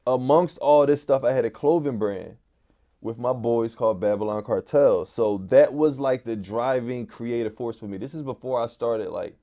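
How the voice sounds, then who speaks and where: A man's voice: medium pitch, moderate pace, lo-fi sound. A man from West Philadelphia with a Philadelphia accent, telling stories in a casual interview as a guest, laid-back and full of "like" fillers. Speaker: guest, artist and DJ.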